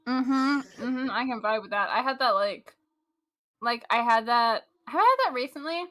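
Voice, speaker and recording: A woman's voice: a little high, normal speed, a bit bright. A woman streamer chatting casually while gaming, in a valley girl drawl full of "like".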